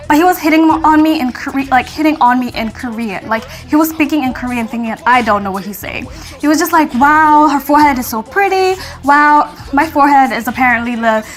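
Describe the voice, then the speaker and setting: A young woman casually telling a story to her viewers, chatty and animated, acting out what people said. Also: high voice. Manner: chatty, animated, acts out quotes, frequent "like".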